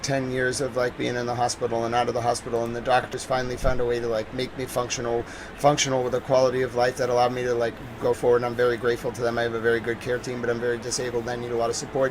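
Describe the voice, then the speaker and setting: A man's voice: mid-range voice, little pitch movement, racing, background noise. A man in his thirties with a Boston accent, talking casually on a news livestream and rambling with lots of fillers. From New England.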